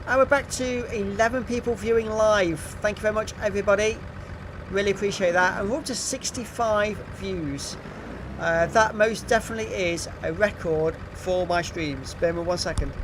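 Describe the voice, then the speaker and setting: A middle-aged man from England chats casually on a live stream, reading viewer comments aloud with frequent ums and uhs. His voice is high, his pace moderate, and the background noisy.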